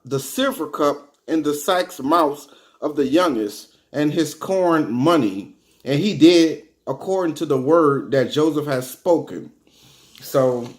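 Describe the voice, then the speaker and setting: A man leading an informal bible study, reading verses slowly and then explaining them in casual, heartfelt talk. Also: fairly high pitch. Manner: reads scripture slowly then explains in casual talk, repeating "you know what I mean". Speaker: bible teacher.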